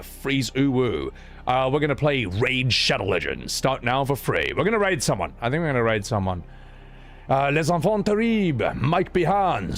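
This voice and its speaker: Aussie guy streaming, excitable and stammery, bouncy tone, mid pitch. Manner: animated, exclamatory, stammering restarts. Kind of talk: casual live-stream chat reacting to clips.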